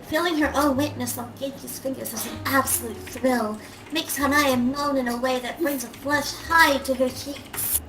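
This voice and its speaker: A woman's voice: high-pitched, fairly even intonation, moderate pace, rough recording. New Zealand woman reading aloud. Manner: stumbles and laughs while reading. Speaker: reader of fan fiction.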